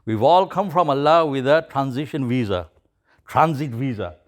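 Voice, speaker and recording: A man's voice: medium pitch, animated, normal speed. A man giving a sermon, telling a story in an easy way and rising to emphatic preaching.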